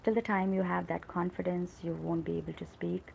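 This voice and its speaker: A woman's voice: fairly low pitch, steady tone, brisk, creaky, darkish tone, slight background noise, poor audio. A woman with an Indian English accent, hosting a live English lesson and talking in a chatty, encouraging way with many fillers. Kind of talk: casual live-stream talk.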